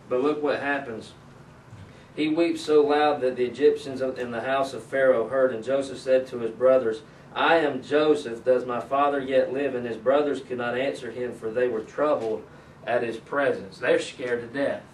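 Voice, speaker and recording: A man's voice: mid-range voice, steady tone, moderate pace. A man leading a Bible study, reading scripture aloud and then explaining it in a conversational way. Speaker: Bible teacher. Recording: echoey room, mic at a distance, faint ambient noise.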